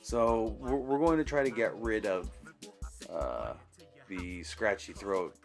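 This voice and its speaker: A man's voice: fairly low pitch, slow, faint music behind. A man hosting his own channel, talking through a casual update in a rambling way, full of ums and self-corrections. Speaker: YouTube channel host.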